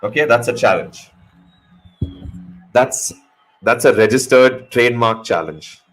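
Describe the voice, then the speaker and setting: A man hosting a casual live cricket watch-along, excitable and joking, cursing freely at the action. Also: medium pitch, measured pace, faint music behind, rough recording. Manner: excitable, swears, jokes. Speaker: live stream host.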